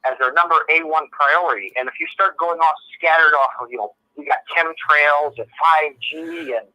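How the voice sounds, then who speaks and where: A man's voice: fairly high pitch, fairly even intonation, moderate pace, pushed and bright, dry recording, rough recording. A man with a slight New York accent, calling in and explaining his views in an earnest, guarded way. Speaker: caller. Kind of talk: phone-in conversation.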